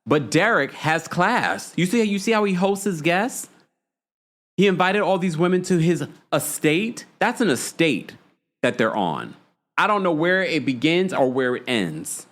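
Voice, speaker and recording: Guy doing a gossipy live recap, voice all over the place, kinda high for a man. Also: a little slow. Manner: animated, gossipy, mimics people in quotes. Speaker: podcast host. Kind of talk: live recap chat reading viewer comments.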